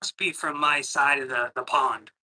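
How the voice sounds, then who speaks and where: Bright-voiced man, rambling caller. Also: mid-range voice, steady tone, normal speed, low-quality recording. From Boston, Massachusetts. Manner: rambling, hesitant, profane ranting. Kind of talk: casual call-in chat. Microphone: computer microphone.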